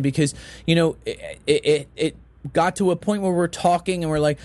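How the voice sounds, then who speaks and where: Animated, laughing male podcast host. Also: normal speed, dry recording. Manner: animated storyteller, acts out quotes with big pitch jumps. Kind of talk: casual chat.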